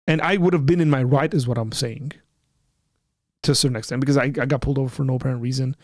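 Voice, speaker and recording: The host of a live call-in apologetics panel speaks fast in a mid-range, darkish, fairly even voice, recorded in a dry studio. Telling a personal story conversationally and emphatically, he rises sharply when heated and acts out both sides of remembered dialogue.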